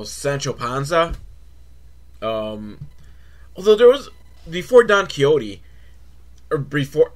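A man recapping a kids' movie in a sarcastic, rambling way, with loud outbursts and mumbled asides. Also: mid-range voice. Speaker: movie reviewer.

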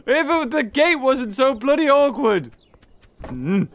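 A woman's voice: high voice, sing-song, slow pace, a little hiss or hum. A woman giving playful, teasing commentary while playing a video game, often laughing and squealing at the characters. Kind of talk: casual let's-play commentary.

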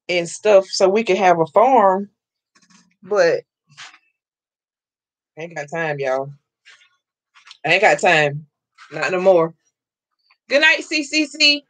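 Loud, excitable woman crafting host. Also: mid-range voice, slow, pauses often, dry recording. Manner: loud and excitable, laughs often. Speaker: live-stream crafting host. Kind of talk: casual live-stream chat, reading viewer comments.

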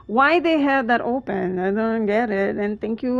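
A woman's voice: fairly high pitch, normal speed, hardly any pauses, muffled recording. A woman streamer chatting with her viewers as she plays a video game, exclaiming often and laughing between remarks. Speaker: gaming streamer. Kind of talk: live gameplay commentary with chat.

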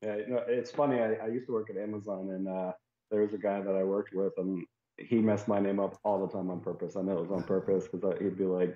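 A man's voice: on the low side, fairly even intonation, fast talker, warm tone. A man, a guest author, chatting in an easygoing storytelling way over the phone. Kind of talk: casual interview chat. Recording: dull, echoey phone line.

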